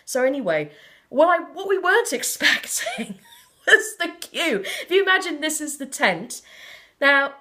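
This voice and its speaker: A woman from South West England telling stories in a casual interview, animated and theatrical, often laughing as she talks. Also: high voice, unhurried. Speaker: interview guest.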